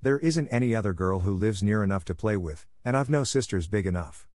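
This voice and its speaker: A man's voice: on the low side, animated, fairly quick, a little mellow, dry recording, lightly acted. A man doing a frank, cheerful little girl.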